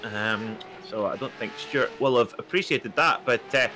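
A man giving sim racing commentary, excitable and quick to jump up in pitch at close moments. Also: over music.

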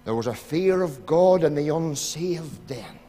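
A Northern Irish man preaches from the pulpit, his voice sitting a little high as he pleads with the congregation. He swings between loud appeals and hushed asides. Long reverb from the church hall trails after every phrase. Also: animated, a little slow. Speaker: pastor. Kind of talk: sermon. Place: church sanctuary.

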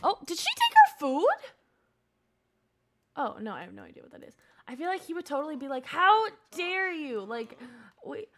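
A young woman streaming a life-sim game, reacting excitably, yelling at characters and muttering asides to herself. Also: sits high, fairly quick, pauses often. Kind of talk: live gameplay commentary.

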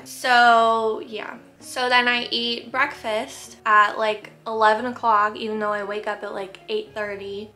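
A woman's voice: fairly high pitch, pushed and bright. A young woman in a casual at-home vlog, rambling chattily with lots of "like" and "literally". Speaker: vlogger.

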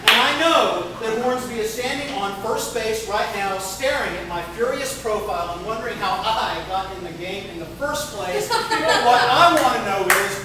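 A man's voice: high-pitched, expressive, moderate pace, hardly any pauses. Male spoken-word poet, dramatic wry storyteller; distant mic, echoey noisy live room. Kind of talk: spoken-word poetry performance.

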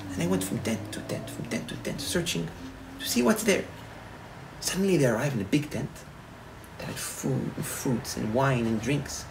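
A rabbi tells a parable in a sermon, animated and fond of repetition. His voice sits at an average pitch, with faint noise in the background. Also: normal speed, creaky, rough recording. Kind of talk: sermon storytelling.

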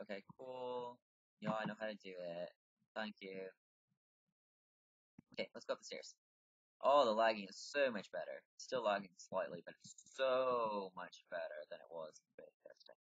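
A man with a deep voice giving casual, rambling commentary while playing a video game and chatting to the characters. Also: moderate pace, a bit bright, no echo, highs cut off.

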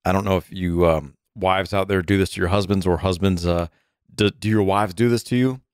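A man's voice: sits low, fairly even intonation, fairly quick, smooth, no room sound, clean studio sound. A man in his thirties co-hosting a podcast in casual chat with his wife, teasing and playful. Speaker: podcast co-host. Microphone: studio mic with headphones.

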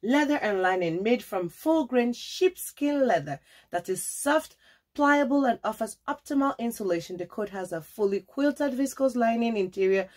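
A woman's voice: on the high side, lively intonation, moderate pace, a little mellow. A young woman vlogger gushing over a sponsored coat as she unboxes it, calling viewers honey and tagging her sentences with okay. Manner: tags many phrases with okay. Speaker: fashion vlogger. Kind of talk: sponsored product review and unboxing.

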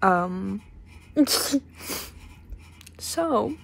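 A young woman records a video message for her best friend on her phone, emotional and laughing through tears, bursting into joyful yells. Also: mid-range voice, expressive, very slow, gravelly.

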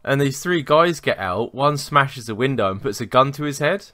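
A man's voice: mid-range voice, animated, moderate pace, bright, forceful tone, dry recording, clean studio sound. A man co-hosting a podcast, telling a rambling work story in casual chat, swearing and laughing as he goes. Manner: rambling, swearing, laughs at his own stories. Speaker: podcast co-host.

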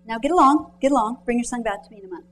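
A calm, wise old male teacher, as a woman quotes him in a talk. The delivery is slightly raised and unhurried, as in a retold parable. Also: a little high, soft background music.

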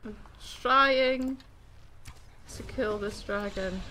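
Excitable woman gamer. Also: mid-range voice, normal speed. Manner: excitable, exclaiming and giggling at the game. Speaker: let's play host. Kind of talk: let's play commentary.

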